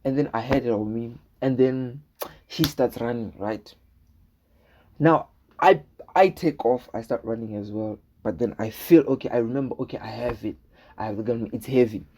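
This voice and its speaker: A young man with a medium-pitched, darkish voice tells a storytime vlog at a moderate pace. It's casual and rambling, with repeated words and frequent "right?" questions, and he plays out people's lines in his retelling.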